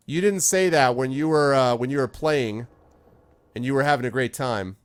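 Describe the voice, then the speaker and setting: A man's voice: mid-range voice, normal speed, clear, resonant tone. A man streaming a game, chatting casually with viewers by name in a rambling way while he plays. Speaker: streamer reading chat while playing. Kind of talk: casual live-stream chat.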